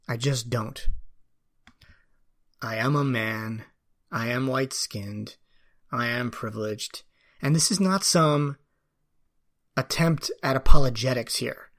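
Earnest reflective man, thinking aloud. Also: medium pitch. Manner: earnest, self-questioning, with pauses and restarts. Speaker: teacher. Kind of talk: reflective personal talk.

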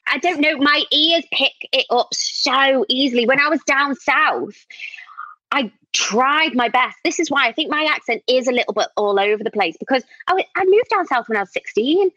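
A woman's voice: high-pitched, lively intonation, moderate pace, pushed and bright, dry recording. Chatty northern English woman, dry and dull sound. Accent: northern English, Scouse-tinged. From northern England. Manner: chatty, laughs often, drifts into accents. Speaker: actor and podcast guest. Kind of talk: casual interview chat.

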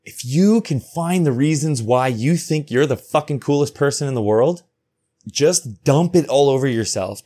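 Hosting his own podcast alone, this medium-pitched North American man in his thirties talks in a casual, excited, foul-mouthed way. His delivery swings from loud outbursts to quiet asides.

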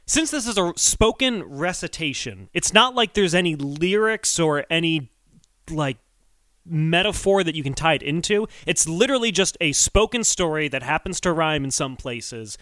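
A man's voice: fairly high pitch, expressive, normal speed, fairly bright tone, dry recording. A man co-hosting a podcast, talking through a song in a wry, analytical casual chat. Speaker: podcast co-host.

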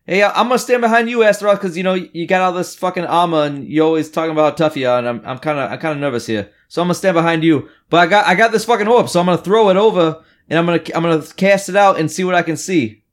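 A man voicing a nervous male adventurer in a tabletop game, rambling and swearing with halting repeats. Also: a little high, close to an everyday voice. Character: nervous male adventurer hiding behind armored friend.

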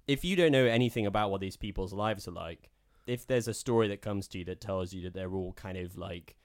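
A man's voice: sits low, fairly quick, no echo, studio quality. A man co-hosting a podcast, chatting casually about politics in a sardonic, rambling way. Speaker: podcast co-host.

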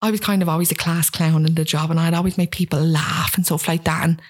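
Woman, about thirty, animated guest, casual chat. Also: low voice, quick pace, a little hiss or hum. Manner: animated, acts out quoted voices.

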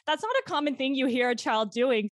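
A woman's voice: high-pitched, expressive, a little fast, no echo, clean studio sound. A woman hosting a podcast, asking eager, upbeat questions in a casual interview. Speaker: podcast host.

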